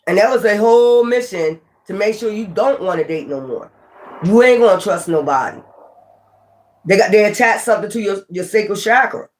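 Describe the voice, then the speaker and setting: Male tarot reader, high voice, street-preacher delivery, swears freely, loops catchphrases. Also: lively intonation, moderate pace. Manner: preachy, profane, repeats catchphrases. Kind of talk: casual spoken tarot reading.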